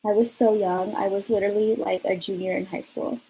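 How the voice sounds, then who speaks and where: A woman's voice: medium pitch, a little fast, gravelly, slight background noise, low-quality recording. A young woman in her twenties telling a personal story in a casual vlog, chatty and peppered with "like". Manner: chatty, peppered with "like", lively retelling. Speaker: vlogger.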